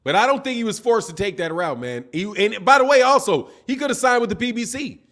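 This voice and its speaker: A boxing channel host runs a live stream, reading viewer chats and arguing his case with rapid rhetorical questions. His voice is very high-pitched and he talks fast, animated and argumentative.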